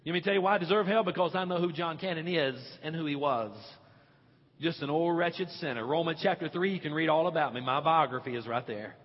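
Male pastor, sermon delivery with big loud-soft swings, dull lo-fi church recording. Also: fairly high pitch, fairly quick, slightly rough. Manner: preaching with sweeping swings from quiet to loud, stretching key words. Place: church sanctuary. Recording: dull lo-fi audio with long hall reverb.

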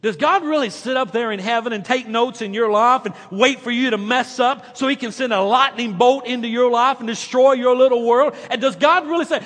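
A male pastor preaching a sermon in a church, swinging from loud animated peaks to hushed quiet stretches. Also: very high voice, a little fast, few pauses, in a large hall.

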